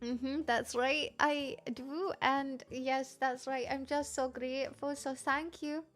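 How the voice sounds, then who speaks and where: Woman putting on a loud mock Irish accent. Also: high-pitched, fairly even intonation, slow, faint music behind. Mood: hyped. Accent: put-on Irish. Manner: loud, bouncy, mock-enthusiastic. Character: exaggerated over-the-top Irish woman, chirpy and hyped. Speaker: live streamer.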